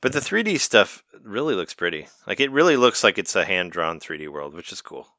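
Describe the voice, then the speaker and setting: A man with a lowish, bright, forward voice, chatting casually and bluntly about games. He laughs easily and repeats words as he gets going. The recording is dry and close. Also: very animated, a little fast, no echo. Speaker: podcast co-host. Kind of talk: casual chat.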